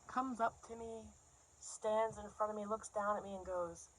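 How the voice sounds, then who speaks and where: A woman doing stand-up comedy, telling a story in an animated way and acting out the scenes. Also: medium pitch, normal speed, slightly rough, rough recording. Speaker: stand-up comic.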